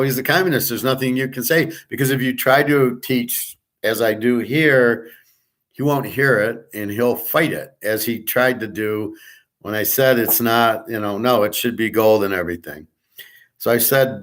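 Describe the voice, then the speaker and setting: A man's voice: medium pitch, unhurried. A man hosting his own daily online class, telling a story in a blunt, profane and exasperated ranting monologue.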